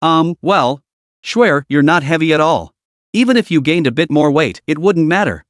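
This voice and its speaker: A man's voice: a little high, animated, moderate pace, no echo, studio quality, natural voice. A man voicing a flustered young college man talking to himself and to a girl.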